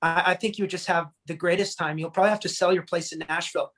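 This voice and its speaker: A man from Canada, a country singer, chatting as a guest in a casual video-call interview and telling stories with lively acted-out quotes. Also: sits high, quick pace, a little hiss or hum. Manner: animated storyteller, acts out quotes.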